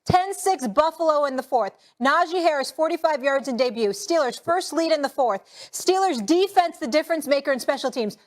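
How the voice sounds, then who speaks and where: A woman's voice: sits high, expressive, a little fast, hardly any pauses, rough recording. A woman moderating a sports debate show, asking pointed, challenging questions and reading from her game notes.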